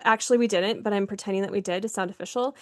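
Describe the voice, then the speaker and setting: A chatty woman co-hosting a podcast, rambling along and giggling often. Her voice sits at an ordinary middle pitch. The sound is dry and close, with no room around it. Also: very fast, no room sound. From Nebraska, United States. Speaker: podcast co-host. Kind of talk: casual chat.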